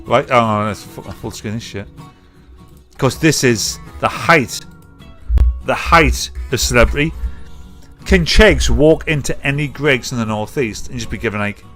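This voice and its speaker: A man's voice: mid-range voice, lively intonation, a little slow, fairly bright tone, soft background music. A man, hosting a livestream and reacting to clips in sweary, mocking chat. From North East England. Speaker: livestream host.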